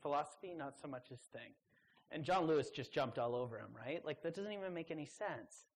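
A woman preaching a sermon to a live audience. She speaks emphatically and conversationally, with teasing asides and sudden jumps into high voices for quotes. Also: lively intonation, brisk, darkish tone.

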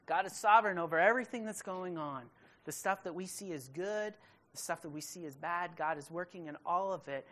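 A woman with a fairly low voice delivers a sermon. She tells the story casually and conversationally, with quick asides to the congregation. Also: fairly bright tone. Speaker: preacher.

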